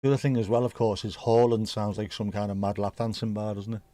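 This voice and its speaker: A man with a British accent hosting a football watchalong, making jokes and bursting into excitement at the goals. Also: on the low side, fast talker, no echo, studio quality. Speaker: watchalong host. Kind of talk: casual live match commentary.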